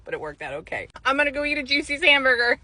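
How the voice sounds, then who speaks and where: A woman's voice: sits high, quick pace, no room sound, poor audio. A woman working as a psychic medium, telling a casual story and acting out the voices of the people in it. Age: adult with a young son. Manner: animated, acts out quoted voices.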